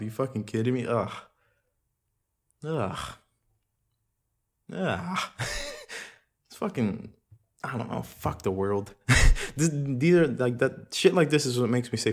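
Profane, rambling young man podcasting. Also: on the low side. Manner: profane, rambling, laughs often. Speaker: podcast host. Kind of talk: casual solo podcast monologue. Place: home room with echo.

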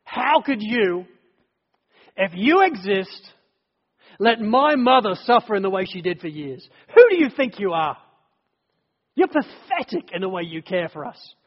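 A man voicing a defiant modern man who indignantly shouts accusations at God. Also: high-pitched, expressive, measured pace, muffled recording.

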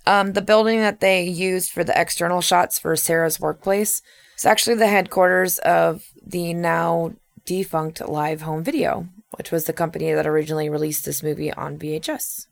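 A woman's voice: lowish voice, fairly even intonation, normal speed, creaky, no room sound. A woman co-hosting a casual podcast chat, blunt and swearing freely, laughing often. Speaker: podcast co-host.

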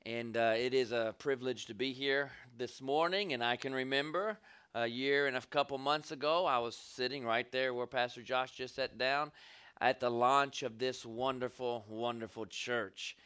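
A man with a bright, clear, resonant voice opens a sermon as the visiting pastor. He speaks with call-and-response, asking the congregation for amens. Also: mid-range voice, fairly even intonation, moderate pace. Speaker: guest pastor. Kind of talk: sermon opening. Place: church sanctuary.

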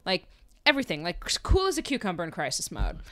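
A woman co-hosting a casual podcast, telling a story with a lively voice that leaps up and down. She swears freely and laughs often as the story rolls on. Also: lowish voice, fast talker. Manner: animated, profane storytelling. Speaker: podcast co-host. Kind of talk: casual chat.

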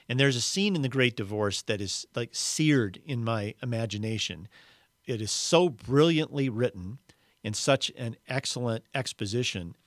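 A man's voice: medium pitch, a bit bright, no room sound, studio quality. A man hosting a podcast, giving earnest, conversational Christian teaching with small fillers. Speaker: podcast host.

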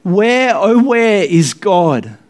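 A man reading aloud as a terrified man waking alone in hell, crying out in anguished, high, screaming calls. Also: very animated, slow, darkish tone, full character voice.

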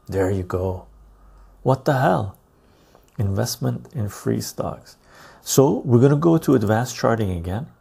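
Gravelly-voiced man musing over stock charts. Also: mid-range voice, dark tone. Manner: thinks aloud while searching charts, muttering, with frequent "right?". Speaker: live-stream host. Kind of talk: casual live-stream commentary on stock charts.

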